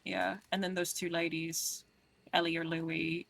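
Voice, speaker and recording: A woman with a British accent, speaking calmly and measuredly in character roleplay. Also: lowish voice, measured pace, vocal fry, no room sound.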